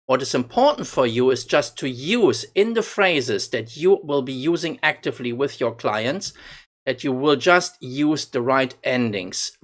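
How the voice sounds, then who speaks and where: A man teaching phrases in a slow, deliberate instructional voice-over, repeating lines for learners. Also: medium pitch, a bit bright. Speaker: language teacher.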